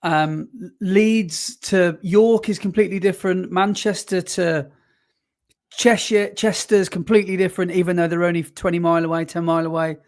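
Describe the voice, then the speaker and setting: A man's voice: high voice, fairly even intonation, moderate pace, a little mellow. A man co-hosting a podcast in casual chat, rambling and stop-start, often correcting himself mid-sentence. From West Midlands, England. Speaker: podcast co-host.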